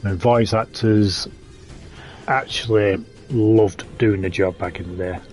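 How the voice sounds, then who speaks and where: A man's voice: fairly low pitch, steady tone, takes it slowly, a little mellow, faint music behind. A British man giving casual, laid-back commentary while playing a game. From Britain. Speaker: let's play YouTuber.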